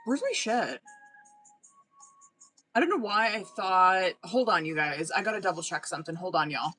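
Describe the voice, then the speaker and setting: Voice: medium pitch, expressive, moderate pace, sharp tone, faint music behind, low-quality recording. A tarot reader hosting a livestream in casual, slangy chat, swearing freely and often breaking off to say "hold on.".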